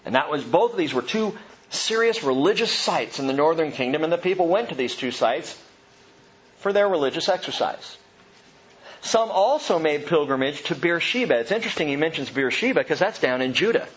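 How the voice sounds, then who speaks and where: A man's voice: fairly high pitch, animated, fairly quick, muffled recording, a little hiss or hum. A man preaching a sermon, earnest and emphatic, asking his listeners question after question. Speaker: pastor.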